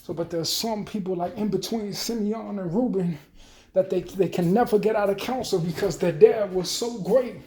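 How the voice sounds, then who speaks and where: Rambling, profane man with a dark voice. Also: high-pitched. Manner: profane, loose, rambling, talks fast then trails off. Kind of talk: rambling monologue rant. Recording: roomy echo.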